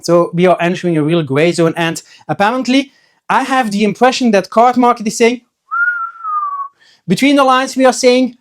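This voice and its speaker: A man's voice: very high-pitched, normal speed. A man who sells trading cards, talking casually to his viewers in a chatty, storytelling way, often restarting his sentences. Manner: chatty storyteller, acts out quoted voices, frequent restarts. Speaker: trading card seller and video host. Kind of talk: casual talk to camera.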